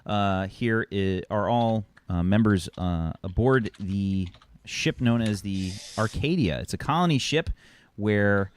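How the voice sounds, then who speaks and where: A man's voice: on the low side, slow. A man hosting a live tabletop role-play stream as game master, rambling through his intro with many restarts. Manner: rambling, full of restarts and fillers.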